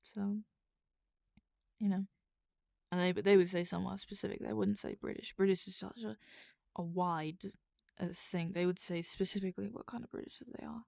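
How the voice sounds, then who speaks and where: A woman live-streaming from home late at night, rambling and thinking aloud as she types and answers chat. Her voice is gravelly and mellow, and she takes her time with each phrase. The sound is close and dry. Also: mid-range voice, fairly even intonation, normal speed, long pauses, dry recording. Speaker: streamer and writer. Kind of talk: casual live-stream chat while writing.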